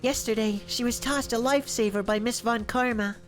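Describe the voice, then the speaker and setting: A man voicing an earnest, emotional young woman assistant in a high falsetto, as he reads a game aloud. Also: fairly even intonation, a little fast, a bit bright, faint music behind.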